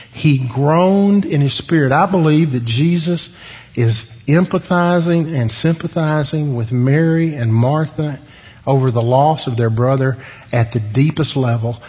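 A man preaching a sermon, asking the congregation questions and pausing for emphasis. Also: fairly high pitch. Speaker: pastor. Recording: dull sound with long hall reverb.

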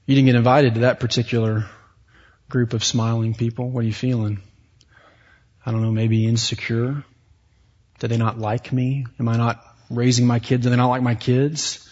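A man preaching a sermon, moving from hushed, slow passages to loud, high-pitched bursts when acting out people's inner thoughts. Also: little pitch movement. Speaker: pastor. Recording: dull lo-fi sound with long hall reverb.

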